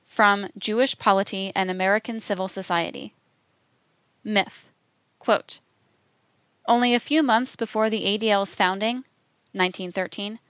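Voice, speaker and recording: A woman giving a scripted reading of quotations in a measured, even, deliberate way. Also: mid-range voice, clean tone, no echo.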